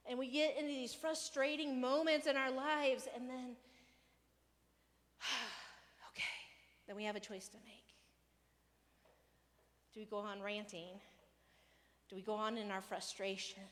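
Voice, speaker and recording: A woman pastor preaches in a chatty, animated way, sometimes breaking into a raised voice to act out a rant. Her voice sits a little high. The long reverb of a church hall rings around her. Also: measured pace, pauses often. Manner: conversational, animated, acts out rants with raised voice. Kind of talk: sermon.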